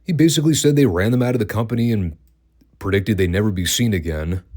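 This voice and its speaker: Talking quickly in a slightly low, somewhat mellow voice, a wrestling-review podcast host works through old shows casually. He's dry and foul-mouthed, now and then laughing at his own jokes.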